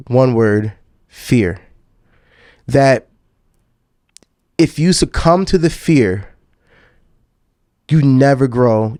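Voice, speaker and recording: A man's voice: medium pitch, a little mellow, clear, resonant tone, dry recording, clean studio sound. A man in his thirties, a podcast host and DJ, telling a long personal story in a casual, profane way and often calling the listener "dog.". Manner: laid-back and profane, calls the listener "dog".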